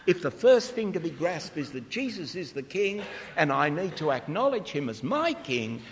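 A man's voice: on the high side, very animated, moderate pace, in a large hall, a little hiss or hum. A man preaching a sermon, asking the congregation rhetorical questions.

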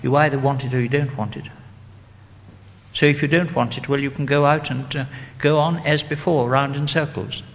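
A man preaching an evangelistic sermon, gently and deliberately leading the listeners through prayers. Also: medium pitch, fairly even intonation. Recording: long hall reverb.

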